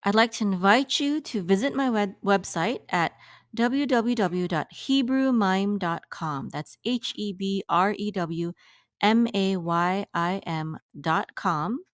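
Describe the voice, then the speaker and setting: A woman's voice: mid-range voice, slow pace, dry recording, clean studio sound. A woman teacher chatting through an outro about her lessons, thinking aloud as she goes. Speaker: teacher promoting her website. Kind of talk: casual outro announcement.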